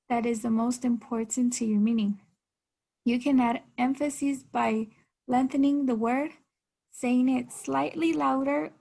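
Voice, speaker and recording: A young woman giving a class presentation with a slightly high voice. She explains step by step and often breaks off and restarts her sentences. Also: vocal fry, warm tone. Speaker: student presenter.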